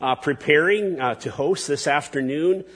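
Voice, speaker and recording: A man preaching a sermon as pastor, halting and restarting often, with folksy asides to the congregation. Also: on the high side, a bit bright, slightly rough, in a large hall.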